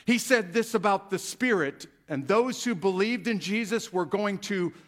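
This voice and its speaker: Male pastor, animated sermon delivery, slightly raised pitch. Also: normal speed. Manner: animated preaching, swelling louder on key phrases.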